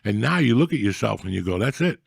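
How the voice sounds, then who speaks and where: Gravelly, profane man ranting. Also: lowish voice, fast, no room sound, studio quality. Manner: animated, loud bursts when acting out scenes. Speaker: podcast host. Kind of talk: casual comedic storytelling.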